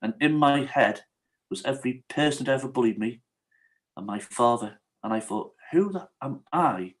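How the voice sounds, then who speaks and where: A man's voice: mid-range voice, moderate pace, fairly bright tone. Emotional man telling his story. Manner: emotional, earnest, acts out quoted dialogue. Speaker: podcast guest. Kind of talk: personal storytelling in conversation.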